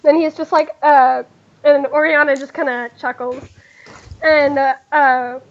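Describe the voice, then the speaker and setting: A woman narrating as game master of a tabletop game, halting, with many fillers. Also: high-pitched, fairly even intonation, muffled recording, a little hiss or hum. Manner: hesitant, with many fillers and laughs.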